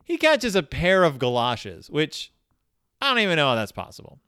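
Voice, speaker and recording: A man delivers a sarcastic, exasperated commentary on a children's picture book, scolding its characters as he goes. His pitch swings widely from low grumbles to high indignant bursts. The recording is dry and close. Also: huge pitch swings, normal speed, pushed and bright, smooth, no echo. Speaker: book reviewer.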